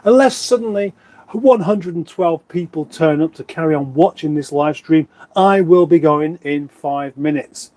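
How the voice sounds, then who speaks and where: Born in Surrey, this English man hosts a casual live stream from his home kitchen on a phone set on a stand. His voice is on the high side and a little mellow, his pace unhurried, and the recording dry. He rambles and makes fun of himself while reading out viewers' comments.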